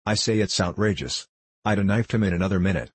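A man reading the lines of an excitable, loud, quick-tempered young man in a novel, blustering and repeating himself. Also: low voice, husky, no echo. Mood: excited.

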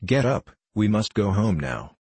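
A gruff, stubborn young goatherd boy, voiced by a man reading a storybook who answers in short, composed lines. The voice is deep and husky. It sounds close and dry. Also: sing-song, unhurried, darkish tone, dry recording, exaggerated voice. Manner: curt, composed.

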